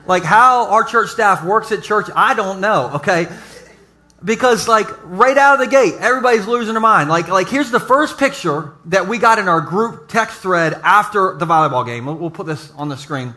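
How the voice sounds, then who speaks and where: A pastor preaching a humorous sermon to a live congregation, telling jokey stories and throwing asides to the audience. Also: male voice, high voice, expressive, moderate pace, bright, forceful tone. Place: church service before a live congregation.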